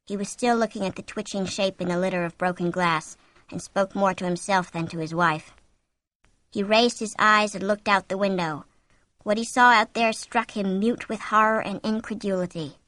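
A woman narrating a story in steady scripted narration, drawing out tense moments. Her voice is bright and forceful, recorded close and completely dry. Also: mid-range voice, no room sound. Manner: steady storytelling, slowing for tension. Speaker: audiobook narrator.

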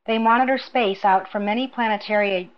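A woman's voice: mid-range voice, steady tone, a little fast, lightly acted. A woman voicing a shrewd, half-mad old woman who speaks in a sly, mocking, knowing way, in a storybook reading. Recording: dull lo-fi recording.

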